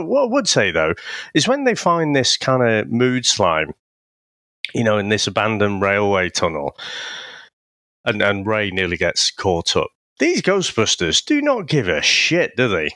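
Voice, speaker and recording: A man's voice: fairly low pitch, very animated, measured pace, pushed and bright, no echo, studio quality. A man from England co-hosting a podcast, chatting casually, swearing freely and laughing often. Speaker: podcast co-host. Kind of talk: casual chat.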